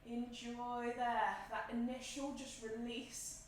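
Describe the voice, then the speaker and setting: A woman leading a home yoga class, giving calm, encouraging cues in time with the breath, a little out of breath. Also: on the high side, slow, slight background noise. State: slightly out of breath. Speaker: yoga instructor. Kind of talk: guided yoga class instruction. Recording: echoey room, mic at a distance.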